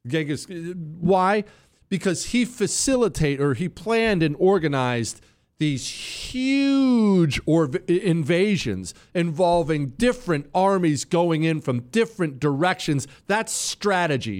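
A man hosting a talk show, explaining a topic with examples in an animated, teasing way. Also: fairly high pitch. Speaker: show host. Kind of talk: casual talk show monologue.

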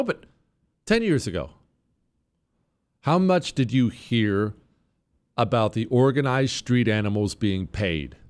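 A man hosts a talk radio show, speaking in a mid-range voice. He delivers his monologue in a combative, emphatic way and leans on sarcasm to drive his points home. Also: medium pitch.

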